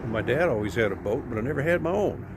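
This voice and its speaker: A man's voice: mid-range voice, lively intonation, fast. A man telling a long story to his own camera at a boat launch, folksy and rambling with plenty of fillers. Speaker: widower vlogger. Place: outdoors at a boat launch by a creek. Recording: outdoor noise with traffic behind.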